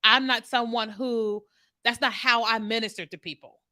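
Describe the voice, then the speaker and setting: A woman's voice: fairly high pitch, steady tone, normal speed, pushed and bright. A woman marketing strategist talking casually and animatedly to her viewers, with laughs and asides. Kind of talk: casual direct-to-camera talk.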